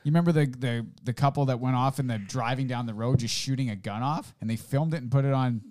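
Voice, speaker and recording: A man's voice: mid-range voice, fast, a little mellow. A man in casual podcast chat, telling rambling stories and swearing freely.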